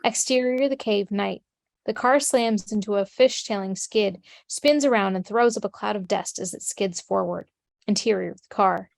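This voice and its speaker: A woman's voice: mid-range voice, moderate pace, vocal fry, no echo. Woman narrator, plain mid voice, reads directions evenly, dry close sound. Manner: steady, matter-of-fact reading. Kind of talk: reading stage directions.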